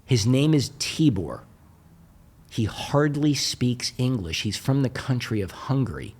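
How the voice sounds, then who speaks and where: A man's voice: mid-range voice, very animated, measured pace, darkish tone, breathy edge. A man voicing a busy warehouse manager who answers in short, curt sentences.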